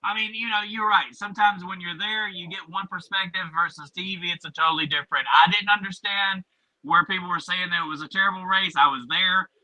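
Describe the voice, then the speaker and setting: Emphatic male radio co-host, high pitch, piercing bright tone. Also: a little fast, low-quality recording. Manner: animated storyteller, emphatic. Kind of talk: casual radio talk.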